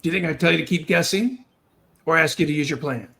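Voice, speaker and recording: Guy hosting a podcast, talks fast n explains a lot, kinda high voice, encouraging. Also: gravelly, sharp tone. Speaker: podcast host and reading instructor. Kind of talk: conversational coaching.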